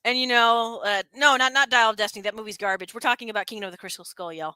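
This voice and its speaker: A woman hosts a laid-back stream, her voice on the higher side and sharply bright. She chats in a lively way, breaking into laughs and excited rants. The sound is dry and close. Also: fast, smooth, no echo, poor audio. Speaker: streamer host. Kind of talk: casual chat.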